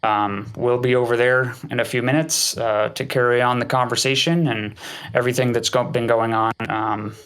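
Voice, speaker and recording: A man at a middle pitch hosts an online community call. He explains things patiently and chattily, walking listeners through each step in a relaxed, conversational flow. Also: normal speed, clear, resonant tone. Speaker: community host. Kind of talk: casual community voice chat. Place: online voice chat.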